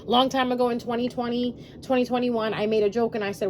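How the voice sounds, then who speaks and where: A woman's voice: a little high, steady tone, quick pace, hardly any pauses, darkish tone, slight background noise. A woman vlogging spiritual advice to her subscribers, emphatic and repetitive, speaking straight to her viewers. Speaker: spiritual YouTuber.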